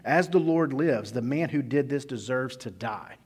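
A man's voice: medium pitch, lively intonation, normal speed, husky, pitched above the performer's own voice. A pastor voicing an indignant biblical king who exclaims in outrage, in an echoey hall. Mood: outraged. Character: furious indignant biblical king, middle-aged man.

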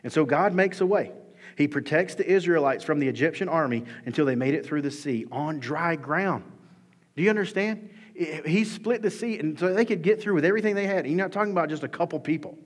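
A man preaching a sermon in a church, conversational and animated, with bursts of emphasis. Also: fairly high pitch, a little fast. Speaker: pastor. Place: church sanctuary. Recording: hall reverb.

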